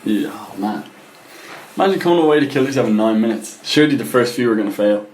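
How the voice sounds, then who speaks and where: A man's voice: on the low side, animated, fast, darkish tone, a little hiss or hum. A young man co-hosting a podcast, joking around and laughing along in casual banter. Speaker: podcast co-host. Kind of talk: casual chat. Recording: echoey room.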